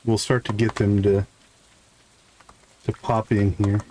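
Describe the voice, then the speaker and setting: Speaking slowly in a fairly low voice, this Midwestern American man casually chats with viewers about his farming game during a live stream. The audio is rough, carrying a slight hiss or hum.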